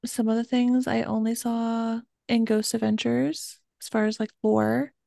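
A woman's voice: on the high side, level tone, unhurried, gravelly, warm tone, no room sound, clean studio sound. A woman who grew up in Georgia and southern Maryland, co-hosting a podcast with playful, joking banter. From Georgia and southern Maryland, USA. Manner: playful, jokey, presents the research. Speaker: podcast co-host. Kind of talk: casual chat.

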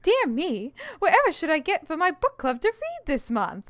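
A woman's voice: very high voice, wildly swooping pitch, moderate pace, no echo, studio quality, heavily acted. A woman voicing a starstruck young witch shopper who fawns and gasps in a comedy sketch ad. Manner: breathless, gasping, fawning. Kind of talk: comedic parody ad in a game.

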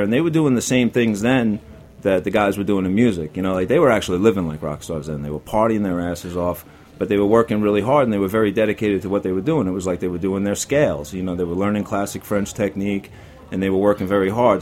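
Middle-aged Brooklyn chef, low voice, quick, blunt, profane. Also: male voice, a little mellow. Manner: blunt, profane, rambling with many "you know"s. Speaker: chef guest. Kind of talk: casual chat.

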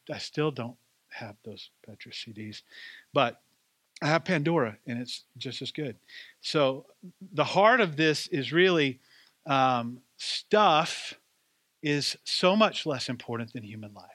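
A man's voice: medium pitch, animated, takes it slowly, long pauses, a bit bright, no room sound. A man preaching a sermon as pastor, with a conversational, self-deprecating way of telling stories.

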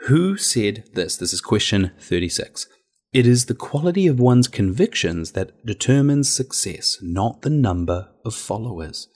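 A man's voice: fairly low pitch, very animated, measured pace, a little mellow. Casual man reading out trivia. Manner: casual, teasing quizmaster with filler "uh"s. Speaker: podcast quiz host.

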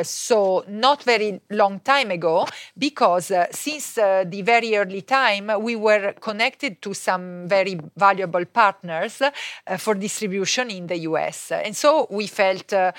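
A woman with an Italian accent, a non-native English speaker, answering podcast interview questions hesitantly, with many pauses and filler sounds. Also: medium pitch, no room sound, studio quality. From Italy. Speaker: guest, fabric company co-owner.

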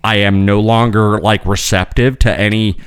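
Guy with a lowish voice rambling through a story on a podcast, lots of restarts and cussing. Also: fairly even intonation, normal speed, clean tone. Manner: rambling, restarts, swears, acts out quotes. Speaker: podcast co-host. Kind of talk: casual storytelling chat.

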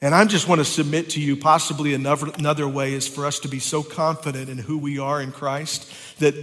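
A man preaches to his church, his fairly high voice climbing with passion as he presses his points and doubles back on words. The sound carries a long, ringing reverb from the sanctuary around him. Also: fairly bright tone. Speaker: pastor. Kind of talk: sermon.

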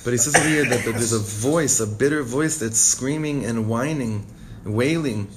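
A man's voice: moderate pace, a little hiss or hum. A man teaching a Torah class, reading Hebrew lines and explaining them with strong emotion. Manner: reads Hebrew text, then translates and explains with emotion; expressive, rises in pitch and volume when stirred. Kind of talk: text-based Torah class.

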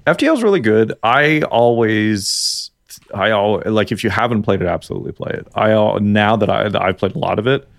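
Deep-voiced Canadian man, rambling. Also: lively intonation, a little fast, vocal fry, dry recording, studio quality. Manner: rambling, restarts a lot. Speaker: podcast co-host. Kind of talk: casual gaming chat.

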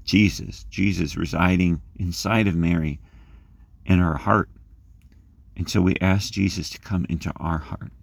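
Deep-voiced man leading guided meditation. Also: fairly even intonation, measured pace, vocal fry, dry recording. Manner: gentle, imaginative, rises in pitch when reading scripture. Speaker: prayer leader.

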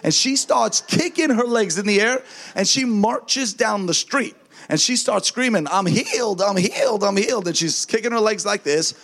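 A man preaching as a minister, telling a lively testimony story and acting out the voices of the people in it, often with a laugh. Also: high voice, moderate pace, vocal fry. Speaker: traveling minister.

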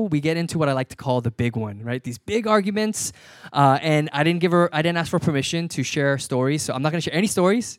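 A man's voice: on the high side, no room sound. A man in his thirties, a pastor preaching a conversational sermon and repeating key lines for emphasis.

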